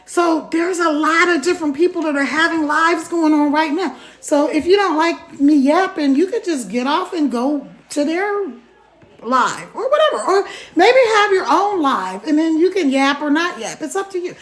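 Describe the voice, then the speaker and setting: A woman's voice: high voice, expressive, moderate pace. A middle-aged woman chatting casually on a live stream, rambling and greeting viewers by name.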